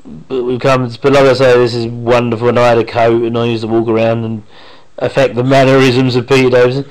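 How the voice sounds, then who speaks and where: A man's voice: mid-range voice, level tone, brisk, poor audio. A man giving casual watch-along commentary on an old TV episode at home, rambling and enthusiastic, often trailing off mid-sentence. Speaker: fan commentator reacting to a TV episode. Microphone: home microphone.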